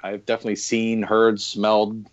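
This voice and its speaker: A man's voice: fairly low pitch, monotone, moderate pace. A man on a podcast casually telling rambling anecdotes about his past jobs, with lots of fillers and laughs. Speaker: podcast guest, former historic fort coordinator and EMT. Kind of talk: casual interview storytelling. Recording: dull lo-fi remote audio.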